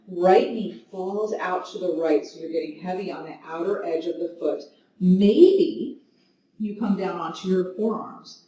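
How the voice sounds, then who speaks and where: A woman yoga teacher talks a class through poses, weaving a story between calm, gentle cues. Her voice is mellow and dark, and she takes her time. The recording is very roomy and picked up from a distance. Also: on the low side. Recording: very echoey room, mic at a distance, faint noise.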